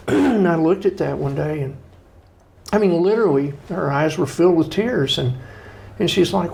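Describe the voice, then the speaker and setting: A man's voice: a little high, normal speed, gravelly, slight background noise. A middle-aged man, a guest author telling folksy stories in a conversational interview, acting out the voices of people he quotes. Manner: folksy, animated storytelling with acted-out quotes.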